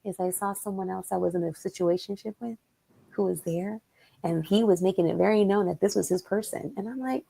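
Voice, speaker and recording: A woman guest on a chat show, an animated storyteller who acts out quoted voices and mixes Spanish words into her English. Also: mid-range voice, fast, gravelly. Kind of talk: casual chat.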